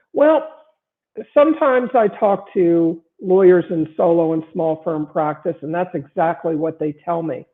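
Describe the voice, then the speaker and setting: Tinny-sounding middle-aged woman giving advice. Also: mid-range voice. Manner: conversational, with frequent "uh" fillers and restarts. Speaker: lawyer coach hosting a broadcast. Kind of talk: direct-to-camera advice talk.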